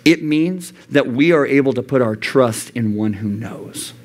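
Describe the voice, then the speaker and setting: Animated male youth pastor preaching. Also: medium pitch, unhurried, slight background noise. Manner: animated, acts out quoted voices. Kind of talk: sermon. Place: church youth service.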